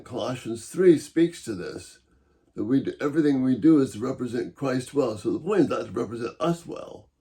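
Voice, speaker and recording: A middle-aged man teaching from the Bible in a calm, measured way. His voice is warm and mellow, sitting at an ordinary middle pitch. He sounds gently persuasive rather than forceful. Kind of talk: Bible-based teaching talk.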